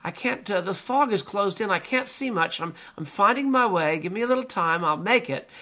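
A man's voice: high-pitched, animated, normal speed, bright, forceful tone, pitched above the performer's own voice, exaggerated voice. A man voicing a male mountain climber calling out through fog, breathless and frightened. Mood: strained. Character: male climber lost in fog, growing panicked.

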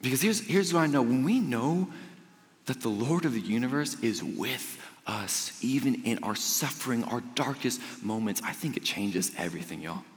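Young preacher in a reverberant hall. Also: male voice, mid-range voice, animated, normal speed. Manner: conversational storytelling with dramatic swings between quiet and loud. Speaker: pastor. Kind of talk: sermon. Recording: long reverb of a large hall.

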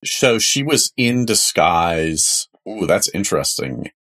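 A man with a very deep, husky voice narrates as game master. He describes scenes in a relaxed, wry way, with plenty of casual fillers. His tone stays easygoing as he sets up each moment. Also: takes it slowly.

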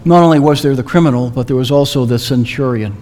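A man preaching a sermon, telling a story slowly and dramatically with long pauses. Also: medium pitch, darkish tone, a little hiss or hum.

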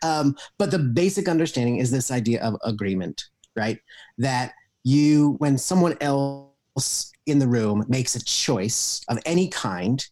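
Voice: medium pitch, darkish tone. Talkative podcast guest explaining improv. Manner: explanatory, full of ums, laughs easily. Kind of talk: casual podcast chat.

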